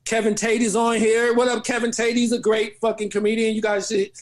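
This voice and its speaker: A man from New Orleans, a comedian guest telling profane stories in animated, laughing casual chat. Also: sits high, fairly quick. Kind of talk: casual storytelling.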